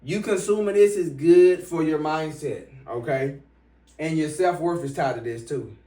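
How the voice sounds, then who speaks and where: A man giving a motivational money-mindset talk as an online business coach, swearing freely and punching key points louder. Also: a little high, moderate pace. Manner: profane, emphatic, bursts louder on key points. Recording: roomy, from some distance.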